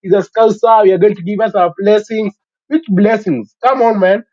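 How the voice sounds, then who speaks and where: Stream host, man, higher-pitched voice, opinionated casual football talk; dull, dry lo-fi recording. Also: moderate pace, a little mellow, no room sound. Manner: emphatic, opinionated, frequent "you know" fillers.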